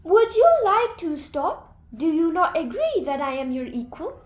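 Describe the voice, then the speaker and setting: A woman voicing a sly little male hare in a storybook tale, calling out in a soft, drawn-out, faraway voice. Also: very high-pitched, sing-song, voice pushed up, heavily acted. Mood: coaxing.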